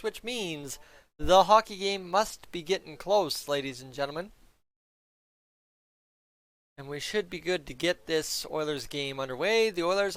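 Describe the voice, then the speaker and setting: A man hosts a casual live stream for hockey fans, rambling to his chat and tripping over hard names. His voice is bright and crisp, a little high for a man. He talks into a headset mic, close and dry. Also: no room sound. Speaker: fan streamer reacting to a hockey game. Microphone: headset mic he flips up to mute.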